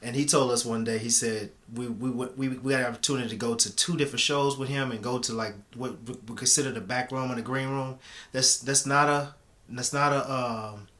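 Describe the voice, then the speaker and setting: A man co-hosting a casual chat, agreeing often and speaking in halting restarts. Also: mid-range voice, fairly even intonation, pushed and bright. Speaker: co-host.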